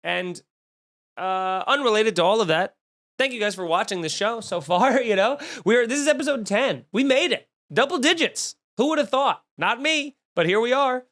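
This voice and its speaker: A male comedian hosting his podcast, telling a snarky, animated story and acting out the people in it. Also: high voice, moderate pace.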